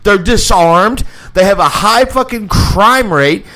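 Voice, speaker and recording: A man's voice: sits high, expressive, takes it slowly, bright, forceful tone. A man hosting a live talk show, ranting in a heated, profane way and repeating himself for emphasis. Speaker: podcast host. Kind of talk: casual profane political rant.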